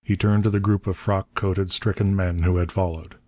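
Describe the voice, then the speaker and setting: A man reading an adventure story aloud as an audiobook narrator, steady and measured. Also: low-pitched, no echo, clean studio sound.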